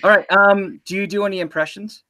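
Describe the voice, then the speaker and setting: A man's voice: sits high, fairly even intonation, brisk, pushed and bright. A man hosting a casual live-stream chat on a video call, playful and teasing his guest. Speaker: host.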